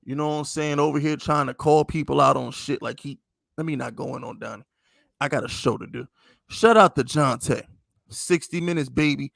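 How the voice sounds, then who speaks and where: A man's voice: medium pitch, fairly quick, vocal fry, fairly bright tone, dry recording. A man co-hosting a sports podcast in casual chat, blunt, profane and opinionated. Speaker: podcast co-host.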